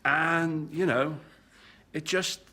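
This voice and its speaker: A man's voice: a little high, steady tone, drawn-out words, pushed and bright. A man, a comedian, speaking reflectively in an interview, hedging with "you know" and throwing in sound effects. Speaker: comedian guest.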